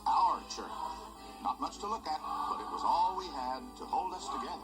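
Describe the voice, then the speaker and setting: A man's voice: fairly high pitch, moderate pace, close to an everyday voice. A man voicing a folksy old male mouse who narrates a cartoon special in a homespun storytelling way. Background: loud music score.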